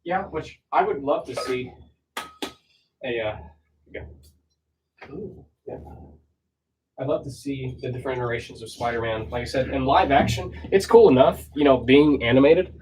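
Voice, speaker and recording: A man hosting a casual chat, telling stories in an animated way and laughing as he goes. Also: mid-range voice, moderate pace, long pauses. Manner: animated storyteller, laughs while retelling. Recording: distant mic with faint noise.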